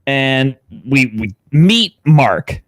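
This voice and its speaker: A man, a guest on a podcast, telling a story casually, animated and swearing freely. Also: medium pitch, extremely slow, no room sound, studio quality. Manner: animated, swears freely, acts out quoted dialogue. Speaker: podcast guest, content creator.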